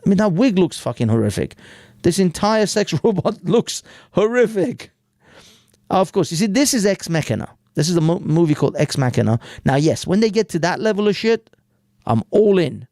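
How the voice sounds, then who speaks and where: A man's voice: high voice, big pitch swings, normal speed, a little mellow, dry recording. Profane rambling British man, dry sound. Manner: profane, rambling, stumbles over words. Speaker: live stream host. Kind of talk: crude casual commentary while reading an article aloud.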